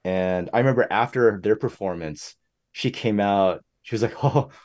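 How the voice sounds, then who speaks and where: A young man talking as a podcast guest in a casual, animated way. He jumps up in pitch whenever he quotes other people. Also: normal speed. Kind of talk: casual interview chat.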